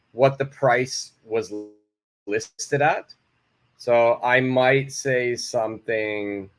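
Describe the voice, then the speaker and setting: Encouraging male English teacher. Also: on the high side. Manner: encouraging, reads out viewers' answers and models phrases. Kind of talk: live online English lesson. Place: home.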